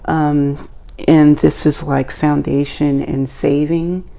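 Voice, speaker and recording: A woman's voice: low-pitched, flat delivery, slow pace, gravelly, warm tone. A woman hosting her own channel, giving a casual tarot reading in a playful, chatty way with self-joking asides. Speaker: tarot reader and channel host.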